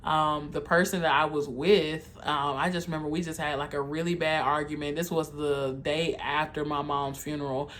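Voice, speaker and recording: A young adult video creator candidly telling a personal story, heartfelt and halting, speaking straight to viewers as y'all. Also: medium pitch, flat delivery, fairly bright tone, a little hiss or hum. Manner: halting, with frequent um and like.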